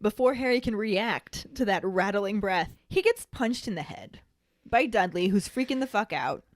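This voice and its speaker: A woman's voice: medium pitch, expressive, normal speed, no echo, clean studio sound. A woman co-hosting a podcast in casual chat, retelling a story playfully. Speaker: podcast co-host.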